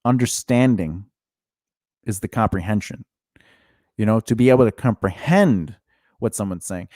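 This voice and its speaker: A podcast co-host with a fairly low pitch and dark tone speaks at a moderate pace, recorded with studio quality and no room sound. In this casual conversation he probes and teases his guest, laughs often, and restarts his thoughts or trails off into mumbles.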